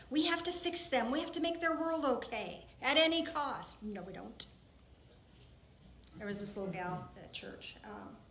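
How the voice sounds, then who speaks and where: A fairly high-voiced woman minister gives an earnest, emphatic sermon and often repeats her phrases for weight. The room around her is roomy and echoing. A faint ambience hums behind her. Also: a bit bright, a little hiss or hum. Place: church.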